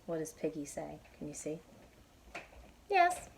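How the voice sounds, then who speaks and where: Low-voiced woman reading to children. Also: normal speed, a little hiss or hum. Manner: bright, encouraging, asks kids questions. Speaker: teacher reading aloud to children. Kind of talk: children's read-aloud.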